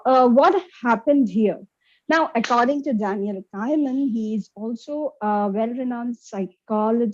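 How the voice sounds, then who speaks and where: A woman gives an interactive lecture over a video call, her voice sitting a little high. She keeps turning to her listeners with questions. The call audio sounds dull and lo-fi. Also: a little mellow. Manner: interactive, checks in with the audience often. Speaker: workshop presenter. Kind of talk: online lecture.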